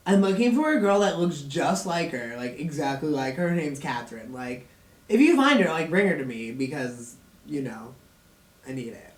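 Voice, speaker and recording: A man's voice: fairly high pitch, big pitch swings, normal speed. A man voicing a brash, careless male immortal villain who talks in a flippant, sweary drawl. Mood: smug. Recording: roomy echo from a distant mic, faint music.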